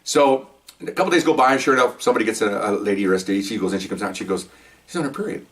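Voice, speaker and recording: A man's voice: lowish voice, lively intonation, very fast, distant mic. An older man, a retired police officer, telling stories in a rambling, conversational way full of asides and restarts. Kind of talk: casual storytelling to camera.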